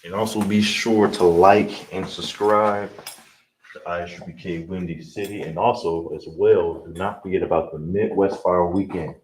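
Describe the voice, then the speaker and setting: A man with a Chicago accent teaching an online language class, saying words slowly and repeating them, often checking that listeners understand. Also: low-pitched, steady tone, darkish tone. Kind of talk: online language lesson, livestream. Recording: roomy echo, distant mic, faint noise.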